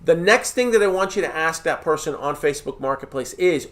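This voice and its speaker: A man coaching his audience with direct, emphatic advice, his voice sitting a little high. He keeps checking in with a quick "right?" or "okay?" as he lays out each step. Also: lively intonation, fairly bright tone. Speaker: real estate mentor. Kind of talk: coaching talk to camera.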